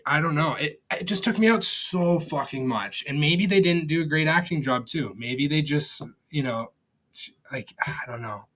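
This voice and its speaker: A man's voice: mid-range voice, moderate pace, sharp tone. A young man giving a casual, rambling film review, blunt and profane, with lots of fillers and restarts. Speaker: movie reviewer.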